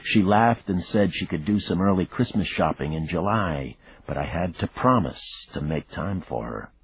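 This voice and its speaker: A man reading a thriller audiobook in the first person, measured and reflective. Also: low voice, animated, breathy edge. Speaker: audiobook narrator. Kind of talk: first-person scripted narration. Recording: dull lo-fi dry recording.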